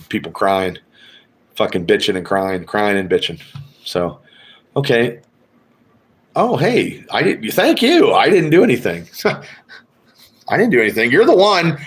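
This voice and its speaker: A man talking loosely on a live podcast stream, rambling from thought to thought and cursing freely. His voice sits at an ordinary middle pitch, and he trash-talks rival fans in a relaxed home-stream way. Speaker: podcast host. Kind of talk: casual live-stream chat.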